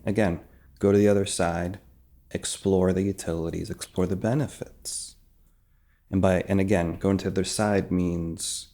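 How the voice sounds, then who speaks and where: A man teaching emotional release in a calm, soft way, dropping into whispers as he acts out examples. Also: low voice. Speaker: meditation teacher. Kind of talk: calm spoken guidance.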